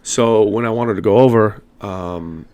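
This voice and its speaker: Lower-voiced man telling stories. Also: measured pace, darkish tone, clear, resonant tone, dull audio. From United States. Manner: rambling anecdotal storytelling. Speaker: podcast guest, former goalkeeper. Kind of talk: casual interview chat.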